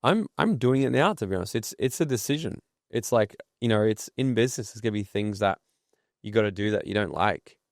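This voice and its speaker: A man's voice: on the low side, lively intonation, fairly quick, no echo, studio quality. An entrepreneur speaking as a podcast guest, blunt and profane, telling stories to make his points. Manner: blunt, swears freely, tells stories. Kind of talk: casual podcast interview.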